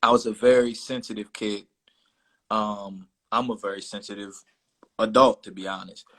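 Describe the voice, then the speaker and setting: A man's voice: on the low side, steady tone, normal speed, a bit bright, poor audio. A man in his thirties, a guest in a casual interview, speaking candidly and thoughtfully about himself. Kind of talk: casual conversation.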